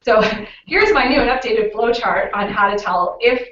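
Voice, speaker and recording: A Canadian woman talks through a webinar in a relaxed, explaining way, leaning on "um" and "you know". She sounds a little off the mic, in a roomy space. The audio is muffled and lo-fi. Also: on the high side, normal speed, far from the mic, slight background noise. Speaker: local SEO consultant presenting a webinar. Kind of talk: webinar presentation.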